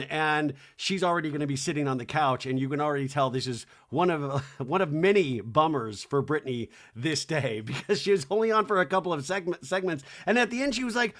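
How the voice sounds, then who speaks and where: A man's voice: a little high, fairly quick. A man hosting a podcast, riffing comedically on a reality-TV episode with lots of impressions and "like". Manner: animated, jokey, full of impressions and "like". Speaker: podcast host. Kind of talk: comedic TV recap monologue.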